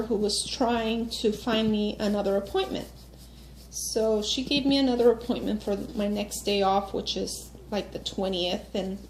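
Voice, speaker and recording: A woman's voice: a little high, a little mellow, a little hiss or hum. A woman in her thirties venting casually to her viewers, upset and speaking directly to them with frequent fillers. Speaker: vlogger. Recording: echoey room with faint ambience.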